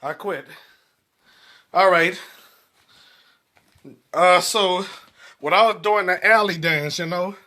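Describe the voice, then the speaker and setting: A man's voice: high-pitched, takes it slowly, long pauses, sharp tone, a little hiss or hum. A man hosting a casual livestream who is out of breath, joking at his own expense and talking straight to his viewers. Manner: joking, self-mocking, addresses viewers as y'all. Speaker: livestream host.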